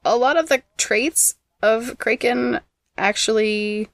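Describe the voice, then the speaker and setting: A woman hosting a podcast who reads out trivia facts in a brisk, teasing way and laughs often. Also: on the high side, no room sound. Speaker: podcast host presenting trivia. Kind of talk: casual trivia chat, reading facts.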